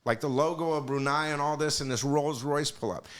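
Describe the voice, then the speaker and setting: A man on a podcast telling casual stories in an animated, profane way, acting out the voices of people he quotes. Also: on the high side, a little fast. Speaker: podcast guest. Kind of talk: casual storytelling.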